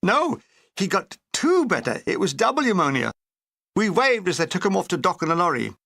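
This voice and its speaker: Man, comic memoir reading, wry delivery, bright voice, dry close sound. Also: sits high, sing-song, moderate pace, vocal fry, dry recording. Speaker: audiobook reader.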